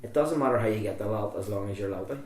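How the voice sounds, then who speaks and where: A man's voice: fairly low pitch, rapid-fire, reverberant, over loud music. A young man from Ireland, hosting a casual podcast chat, rambling and laughing often. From Northern Ireland. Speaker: podcast host.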